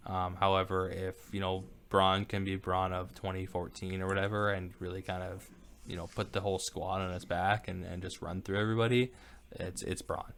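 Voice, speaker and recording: A man's voice: low voice, normal speed, slight background noise. Laid-back young male sports podcaster. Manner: animated, laughing, slangy. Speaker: podcast co-host. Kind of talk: casual sports chat.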